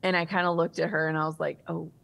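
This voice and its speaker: Woman in her 30s with a bit of fry, lower voice, telling her story all lively in an interview. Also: quick pace. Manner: vivid, animated storyteller. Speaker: author guest.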